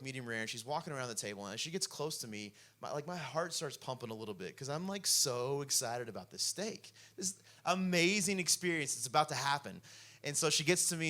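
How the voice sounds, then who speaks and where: A man's voice: mid-range voice, sharp tone. A young man preaching a sermon, telling a story in a casual way full of "like" before building to impassioned preaching. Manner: casual, peppered with "like". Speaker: pastor.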